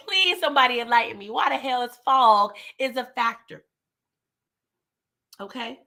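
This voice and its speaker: A woman with a bright, fairly high voice hosts a TV show recap, speaking directly to her live chat. She's animated throughout, acting out the characters' lines as she retells the episode.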